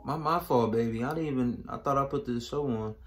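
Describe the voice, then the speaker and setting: A man voicing a loud, sharp-tongued mother who swears and scolds her son in a comedy skit. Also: medium pitch, a loud crowd, close to an everyday voice. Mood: apologetic, stern. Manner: swearing, exasperated, rapid scolding.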